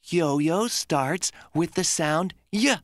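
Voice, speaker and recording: A woman voicing a stubborn, sleepy little boy creature in a children's cartoon, mumbling slowly through a bedtime story. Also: fairly low pitch, expressive, no echo, clean studio sound. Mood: eager. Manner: slow, drawn-out, sleepy mumbling.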